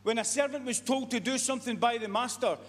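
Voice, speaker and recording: A man with a high voice preaches a sermon, earnest and repetitive, often stumbling and restarting mid-sentence. His voice rings with the long reverb of a church hall. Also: fast talker.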